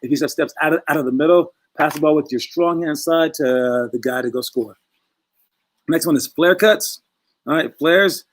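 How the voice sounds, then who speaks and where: A man's voice: on the high side, moderate pace. Chatty young man coaching basketball. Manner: chatty, rambling, acts out voices in quotes. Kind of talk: casual coaching talk to players.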